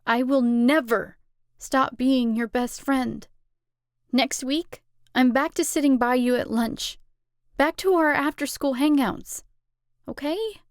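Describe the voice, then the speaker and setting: A woman doing a heartfelt teenage girl, pitched up and loud, pleading with her best friend in a storybook reading. Dry, close sound. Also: slow, dry recording. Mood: reassuring. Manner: emphatic, pleading delivery.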